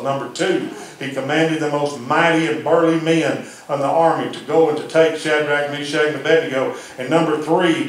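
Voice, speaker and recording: Pastor, man, fairly high voice, heard from far off in a very echoey church with a faint hiss behind him. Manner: folksy preaching, drops to near-whisper for emphasis. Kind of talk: sermon. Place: church hall.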